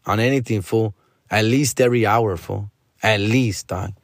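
A man's voice: lowish voice, moderate pace, no echo, clean studio sound. A man hosting a podcast, ranting casually about a friend and mixing in Spanish slang. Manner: animated, mixes in Spanish slang, acts out his friend's nagging. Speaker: podcast host. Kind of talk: casual storytelling rant.

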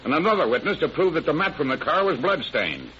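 A man's voice: on the high side, very animated, fast talker, pushed and bright, a little hiss or hum. An actor playing a defiant male murder suspect who blusters and threatens, in 1940s radio acting. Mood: sneering. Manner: belligerent, sneering. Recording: muffled old radio broadcast.

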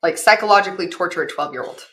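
A woman's voice: on the low side, very fast, a bit bright. A woman co-hosting an interview, reacting with indignant exclamations. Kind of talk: casual interview chat.

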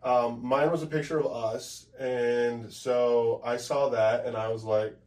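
A young man co-hosting a casual podcast, speaking softly and haltingly, with frequent restarts as he reflects. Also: medium pitch, flat delivery. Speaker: podcast co-host. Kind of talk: casual personal chat. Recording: roomy echo, from far off the mic.

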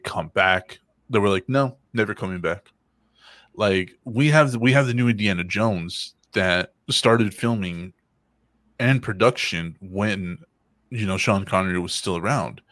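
A man's voice: lowish voice, normal speed, a bit bright, no echo, studio quality. A man co-hosting a casual chat, rambling and swearing freely, often laughing. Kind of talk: casual banter.

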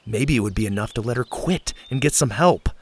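Expressive man narrating a children's story. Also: medium pitch, a little fast, slight background noise. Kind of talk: audiobook narration.

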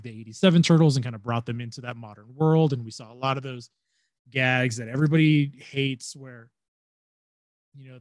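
A man's voice: medium pitch, no room sound. Chatty man with a dry close sound. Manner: chatty, rambling, with frequent fillers and restarts. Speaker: podcast co-host. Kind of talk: casual fan chat.

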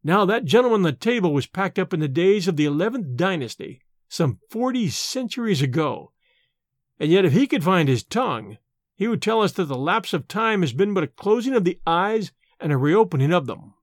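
Man putting on an overwrought young scholar, slow strained speech, lively pitch, dry sound. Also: no room sound. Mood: uneasy. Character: shaken young male scholar, hysterical then forced calm.

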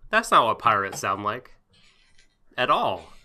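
Bright, low-pitched male podcast host. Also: very animated, measured pace. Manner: jokey, rambling with many fillers. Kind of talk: casual chat.

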